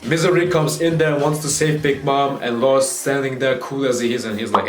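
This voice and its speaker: Male reviewer, casual and excitable, acts out lines with his own voice, recorded in a roomy space over soft music. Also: medium pitch, fairly quick. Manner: animated, swearing, acts out character lines. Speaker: manga reviewer.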